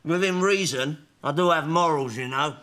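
An actor playing a brash Cockney convict on the run, gruff and quick-tempered. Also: male voice, fairly high pitch, fairly bright tone, lightly acted.

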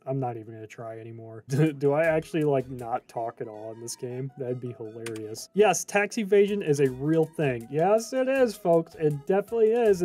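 Jokey young male gaming host. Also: medium pitch. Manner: chatty, jokey, swings from loud to mumbled. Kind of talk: casual let's play commentary.

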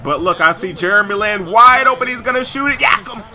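A man giving excited gameplay commentary over a basketball video game and yelling on big plays. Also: high-pitched, brisk. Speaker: gaming YouTuber.

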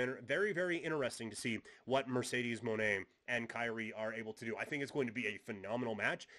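A man's voice: medium pitch, a bit bright. Man hosting a casual wrestling podcast. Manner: casual, musing, frequent restarts and fillers. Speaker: podcast host. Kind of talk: solo wrestling preview podcast.

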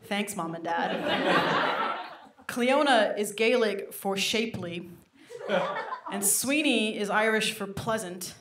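A young female stand-up comedian performs a set on stage before a live audience, speaking in a mid-range voice with an American accent picked up over a mixed British upbringing. She is brash and self-mocking, tossing quick asides to the crowd. The live venue sounds roomy, with faint noise.

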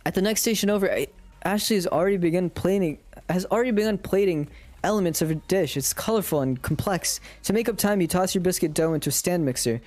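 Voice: medium pitch, fast talker, a little mellow. A streamer casually reading a dating sim aloud on a live stream, swearing and laughing at their own slips.

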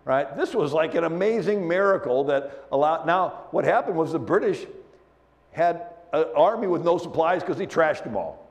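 A man giving a history talk as a guest speaker, telling the events as a lively story with spoken sound effects and frequent "and, uh" fillers. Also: fairly high pitch, normal speed.

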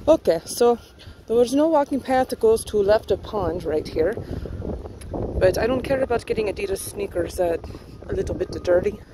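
A woman with a mid-range, expressive voice speaks at normal speed in a put-on Spanish accent while filming a casual walking tour on a handheld phone, with background noise. As a vlogger touring the neighborhood, she walks around a pond in a housing development outdoors, chatty and rambling, thinking aloud with many fillers.

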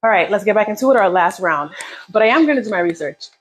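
A woman's voice: medium pitch, lively intonation, fast, husky, rough recording. A woman leading a live workout, counting down reps and cheering viewers on while out of breath. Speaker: fitness instructor.

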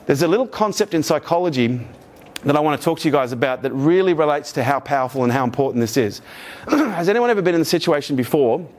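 A middle-aged man giving a keynote talk to a live team, energetic and profane, joking and asking the room questions. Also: a little high, quick pace. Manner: energetic, profane, jokey, asks the audience questions. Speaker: keynote speaker. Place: event room with live audience.

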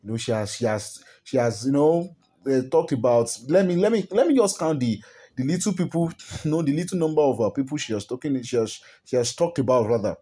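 Nigerian male gossip vlogger, mid-pitched voice, repeats himself, quick chuckles. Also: lively intonation, mellow, slightly rough. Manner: repeats words and stumbles, chuckles often. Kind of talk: chatty celebrity gossip commentary.

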